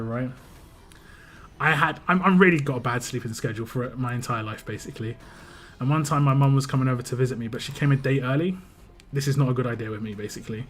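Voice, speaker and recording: A laid-back English man streams games and chats casually, rambling through stories with frequent restarts and chuckles. His voice is medium-pitched, a bit bright, with a big, relaxed presence.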